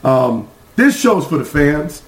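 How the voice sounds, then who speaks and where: A man hosting a sports podcast, hoarse from screaming, ranting in a fired-up, profane way with many fillers. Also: a little high, big pitch swings, slow, echoey room, low-quality recording. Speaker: podcast host.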